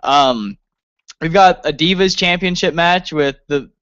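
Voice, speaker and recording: A man's voice: on the high side, measured pace, fairly bright tone, clear, resonant tone, no echo, muffled recording. A man co-hosting a casual wrestling review podcast, rambling and laughing as he talks. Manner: rambling, laughing often, lots of fillers. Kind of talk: casual chat.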